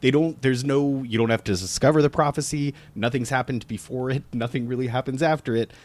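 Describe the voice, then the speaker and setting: A man's voice: medium pitch, fairly even intonation, brisk, darkish tone, dry recording. A man co-hosting a podcast, talking about a movie with dry, sardonic, emphatic complaints. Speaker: podcast co-host. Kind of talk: casual movie recap chat.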